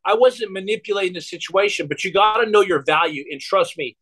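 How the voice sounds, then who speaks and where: A man's voice: high voice, fairly quick, fairly bright tone, breathy edge, poor audio. A man in his forties telling a long personal story as a podcast guest, rambling and repeating words with many fillers.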